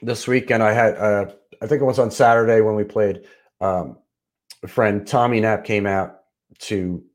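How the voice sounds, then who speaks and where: A man co-hosting a casual podcast chat, speaking in an easygoing, halting way with many small pauses and restarts. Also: fairly low pitch, steady tone. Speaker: podcast co-host.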